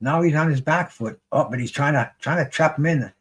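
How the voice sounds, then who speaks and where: A man casually commenting on a live boxing fight as a streamer, rambling and excitable, swearing freely and restarting his sentences. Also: on the high side, brisk, husky.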